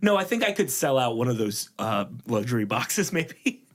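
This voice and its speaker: A young adult man hosting a comedy podcast, telling stories with animated, mock-outraged jokes. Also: mid-range voice, moderate pace. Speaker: podcast host.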